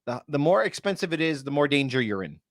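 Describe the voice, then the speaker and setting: Chatty broker man, slightly high voice. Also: sing-song, no room sound, studio quality. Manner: chatty, addresses viewers by name, quick asides. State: losing his voice. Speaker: real estate broker. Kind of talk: casual livestream chat answering viewer questions.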